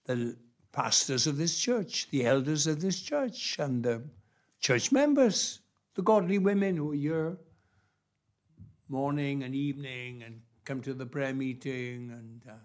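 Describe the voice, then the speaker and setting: A man preaching a sermon, emphatic and repetitive, with long pauses between phrases. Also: medium pitch, lively intonation.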